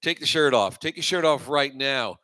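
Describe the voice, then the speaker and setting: A man's voice: medium pitch, normal speed, pushed and bright, natural voice. A man voicing a big, muscular guy on the street who makes confrontational demands in a stand-up story. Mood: demanding.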